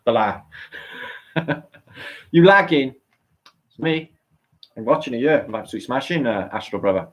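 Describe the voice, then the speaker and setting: A man's voice: mid-range voice, animated, moderate pace, pauses often, poor audio. A middle-aged man hosting a live stream, chatting casually, rambling and swearing as he answers comments.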